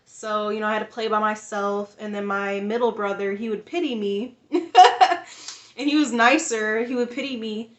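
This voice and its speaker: A woman's voice: mid-range voice, fairly even intonation, normal speed, reverberant. A woman vlogger telling a personal story in a casual, rambling way, full of fillers, restarts and frequent laughs.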